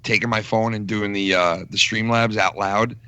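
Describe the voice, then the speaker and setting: A man's voice: on the low side, fairly even intonation, moderate pace, pushed and bright, clean tone, dry recording. A man from New York telling a rambling, profane story in casual chat on a podcast. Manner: profane, rambling, laughs through stories. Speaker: podcast co-host.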